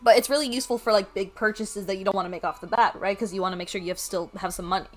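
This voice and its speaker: A woman streamer telling a story to her chat at home, animated, swearing freely and laughing as she goes. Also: mid-range voice, rapid-fire, soft background music. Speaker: art streamer.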